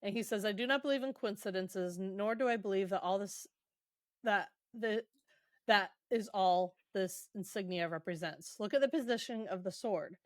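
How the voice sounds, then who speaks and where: Speaking at a moderate pace in a medium-pitched voice, a woman podcast co-host retells scenes from a book in a relaxed way, loosely quoting lines and often laughing or saying um. The sound is dry and clean, like a studio.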